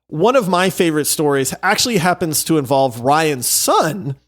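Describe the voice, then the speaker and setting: A man co-hosting a casual gaming podcast, telling animated stories and laughing often. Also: a little high, normal speed. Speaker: podcast co-host.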